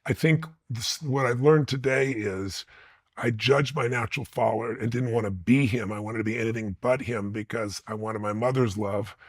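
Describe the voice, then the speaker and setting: A man's voice: mid-range voice, steady tone, normal speed, no room sound. A man being interviewed, telling personal stories with intensity and blunt emphasis. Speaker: interview guest. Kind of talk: animated personal storytelling.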